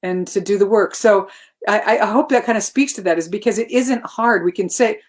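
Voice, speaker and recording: A woman's voice: medium pitch, fairly quick. A woman speaking as a guest on a spiritual talk show. She talks in a reflective, searching way, repeats words as she gathers her thoughts, and laughs easily.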